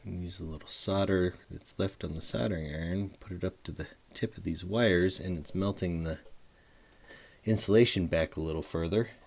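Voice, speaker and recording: Low gravelly man mumbling while he works. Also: steady tone, moderate pace, hardly any pauses. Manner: mumbling, trailing off mid-thought. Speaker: hobbyist modder. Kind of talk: casual narration while soldering. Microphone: desk microphone, leaning in and out.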